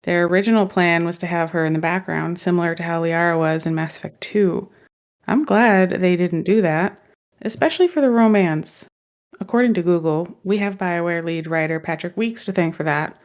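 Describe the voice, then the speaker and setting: A woman's voice: fairly low pitch, normal speed. Playful, jokey woman podcast co-host. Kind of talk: casual chat.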